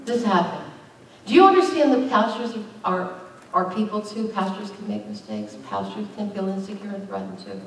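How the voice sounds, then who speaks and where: A woman's voice: medium pitch, sing-song, moderate pace, fairly bright tone. Woman pastor preaching in an echoey church. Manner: conversational preaching, rising to emphatic outbursts. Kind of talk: sermon. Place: church sanctuary. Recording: very echoey, distant church recording.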